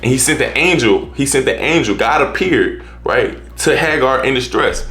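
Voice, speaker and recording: A man's voice: medium pitch, lively intonation, moderate pace, fairly bright tone, soft background music. A man preaching in a loose, conversational way, often restarting his sentences and tagging them with "right?" and "you know". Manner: restarts and rephrases often, street-casual wording. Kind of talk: casual conversational sermon.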